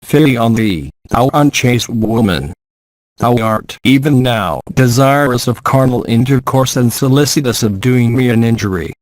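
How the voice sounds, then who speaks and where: A hungry, wrathful man-eating demon who hurls scornful old-fashioned threats, as a man reads him aloud. The voice sits at a middling male pitch. It is recorded close, with no room sound. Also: a little slow, darkish tone, no room sound, close to an everyday voice. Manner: scornful, archaic speech.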